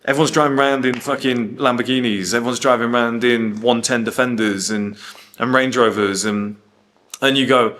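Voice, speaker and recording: A man's voice: medium pitch, fairly even intonation, moderate pace, a bit bright. A man from the UK talking casually and bluntly, telling stories full of quoted dialogue and swearing. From United Kingdom. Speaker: host. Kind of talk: casual monologue.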